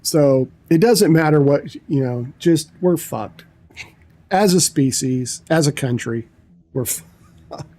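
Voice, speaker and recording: Profane rambling man, higher voice. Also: animated, slow pace, warm tone, faint music behind. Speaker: livestream host. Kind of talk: casual chat.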